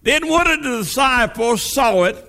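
A man preaching a sermon, retelling a Bible story vividly and dropping his pitch for dramatic effect. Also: animated, unhurried, vocal fry, bright, forceful tone.

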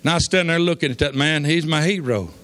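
A man preaching, telling a folksy story that builds to shouts of praise. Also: fairly high pitch, fast, faint music behind. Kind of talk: sermon storytelling. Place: church.

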